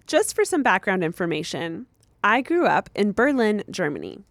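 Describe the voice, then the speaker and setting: A woman's voice: mid-range voice, very animated, normal speed, no echo. A young woman co-hosting a podcast, chatting casually and reading a listener's story aloud. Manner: chatty, laughs often, reads steadily. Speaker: podcast co-host.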